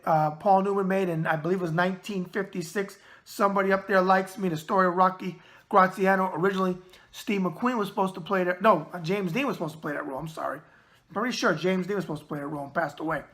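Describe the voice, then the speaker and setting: A man's voice: high-pitched, fairly quick. Brash New York man hosting a show. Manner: brash, animated, repeats catchphrases, wisecracking. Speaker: show host. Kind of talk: casual video mailbag show.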